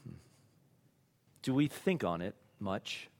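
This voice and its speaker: A man's voice: fairly low pitch, very animated, slow pace, creaky. Man, preacher, sermon, fervent swells, church, echoing hall. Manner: preaching, from quiet and reflective to loud and fervent. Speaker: pastor.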